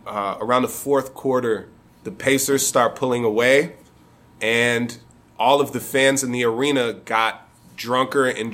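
A man's voice: mid-range voice, a bit bright. A man from Michigan telling a funny personal story to a live audience, casual and profane, often chuckling.

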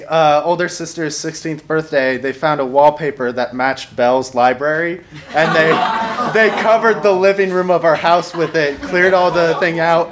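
A young man telling a funny personal story on stage, wry and self-mocking, laughing along as he talks. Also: a little high. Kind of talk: stand-up storytelling.

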